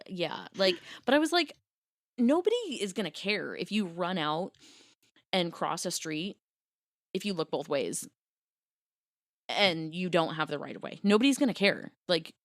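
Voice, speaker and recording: A woman's voice: lowish voice, expressive, a little slow, pauses often, dry recording, clean studio sound. A woman co-hosting a podcast, telling a story in a casual, exasperated and profane way. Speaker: podcast co-host. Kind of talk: casual chat.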